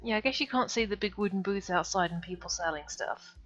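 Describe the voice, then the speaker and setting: A woman streams herself reading a visual novel aloud, adding wry asides between the dialogue. Her mid-range, fairly bright voice moves fairly quickly over dull lo-fi stream audio with faint music.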